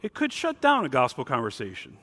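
A man preaching a sermon as pastor, emphatic, swinging between loud stressed words and quiet, low asides. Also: wildly swooping pitch, brisk.

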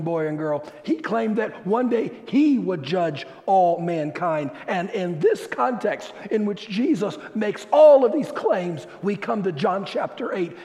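A man preaching a sermon as pastor, slow and emphatic, dropping at times to soft, low tones. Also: in a large hall.

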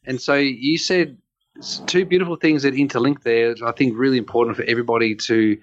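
A man's voice: mid-range voice, steady tone, a little fast, highs cut off. A man hosting a podcast, reflecting earnestly and searching for his words. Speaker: podcast host. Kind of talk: reflective conversational commentary.

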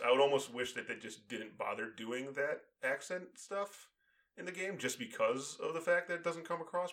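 A man's voice: medium pitch, a bit bright. A man in casual chat, talking in a rambling way and filling his sentences with "like" and "um". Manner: rambling, full of "like" and "um".

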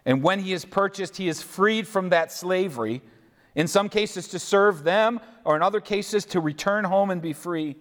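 A man preaching a sermon, deliberate and questioning, addressing listeners who worship at home. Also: high-pitched, a bit bright. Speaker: pastor. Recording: echoey hall reverb.

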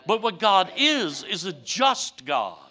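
A man in his fifties, a pastor preaching a humorous sermon with animated, mock-whining storytelling and folksy speech. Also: high voice, takes it slowly. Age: 50s.

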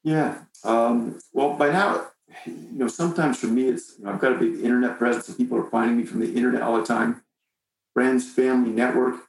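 Male guest from Canada, relaxed and chatty, echoey room sound. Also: medium pitch, fairly quick. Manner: easygoing, with frequent fillers. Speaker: guest, real estate investor. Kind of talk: casual interview talk.

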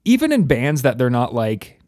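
A man's voice: medium pitch, wildly swooping pitch, moderate pace, a little mellow. A man co-hosting a podcast in casual chat, rambling through his thoughts. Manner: rambling, lots of "like" fillers. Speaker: podcast co-host.

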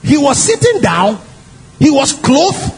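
A male preacher with a very high voice and a lively, swooping delivery. He stresses his points and keeps asking the congregation questions. A long hall echo trails each phrase, with faint music underneath. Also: slow, gravelly. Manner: animated and emphatic, asks the congregation questions. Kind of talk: sermon.

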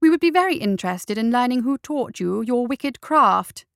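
A woman voicing Justice, a fierce blind female death marshal with a sharp, commanding way of speaking. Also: a little high, animated, moderate pace, creaky, clear, resonant tone, no room sound, studio quality, pitched above the performer's own voice. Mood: menacing.

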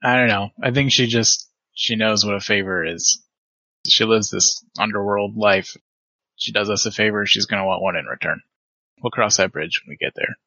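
Man, tabletop player, gravelly, bright, dry close mic, rambling. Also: lowish voice, moderate pace, no echo, highs cut off. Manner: relaxed, rambling, trails off. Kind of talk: casual game talk and narration.

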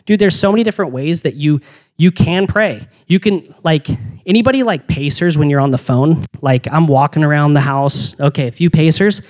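A young man giving a casual youth sermon, energetic and slangy, with frequent restarts and asides. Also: a little high, normal speed. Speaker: youth pastor.

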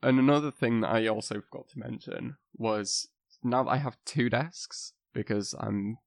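A man's voice: medium pitch, normal speed, creaky, no echo, clean studio sound. A young man, a university student, talking earnestly and repeating words as he thinks. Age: young adult. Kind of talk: casual podcast chat.

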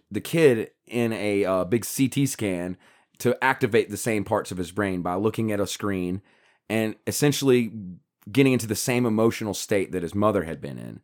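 Rambling man, lowish voice, casual chat. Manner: rambling, with many fillers and restarts. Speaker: podcast co-host.

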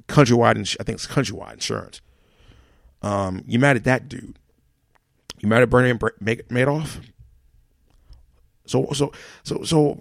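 A man's voice: mid-range voice, vocal fry, no echo, clean studio sound. A man hosting his own podcast, ranting alone in a profane, exasperated way with many restarts. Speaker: podcast host. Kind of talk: solo ranting monologue.

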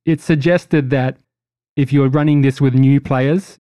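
A man hosting a tabletop role-playing podcast, talking through the session in a loose, rambling way with plenty of teasing. His voice is warm and dark. It sounds close and dry, with no room at all. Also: medium pitch, steady tone, unhurried, no echo. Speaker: game master. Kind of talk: casual podcast recap chat.

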